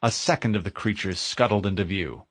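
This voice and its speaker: A man narrating a military science-fiction audiobook in a vivid, expressive storytelling manner. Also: fairly low pitch, brisk, breathy edge, no room sound, studio quality.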